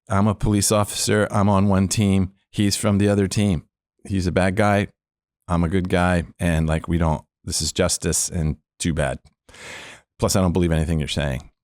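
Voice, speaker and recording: Man, deep voice, dry close sound, podcast guest, former police officer, lively storyteller, laughs along the way. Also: no echo. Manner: animated storyteller who acts out the people he quotes; laughs often while telling. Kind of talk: storytelling interview.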